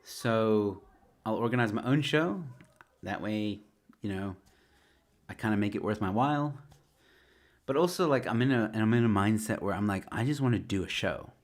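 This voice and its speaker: A man's voice: on the low side, normal speed, long pauses. A man, a stand-up comedian, chatting casually on a home livestream, rambling with lots of fillers and restarts. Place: his home. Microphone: webcam or desk mic at home.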